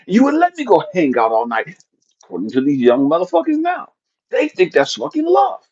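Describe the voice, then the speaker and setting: A middle-aged man giving a blunt, profane motivational talk, animated and jumping to shouts for emphasis. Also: high voice, normal speed, breathy edge, muffled recording. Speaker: motivational speaker.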